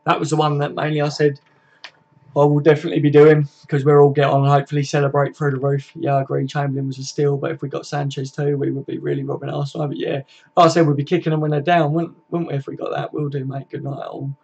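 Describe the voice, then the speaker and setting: Young male stream host, gravelly and a touch high, casual and profane, lo-fi home recording. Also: monotone, fast talker, darkish tone. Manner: chatty and matey, swears often, reads chat aloud. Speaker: livestream host. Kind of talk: casual live-stream chat. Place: home computer setup.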